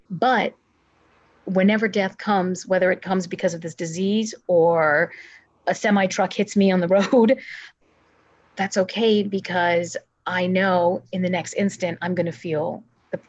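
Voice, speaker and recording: A woman's voice: fairly low pitch, fairly even intonation, unhurried, darkish tone, lo-fi sound. A woman giving an earnest personal testimony as an interview guest, acting out her own prayers aloud.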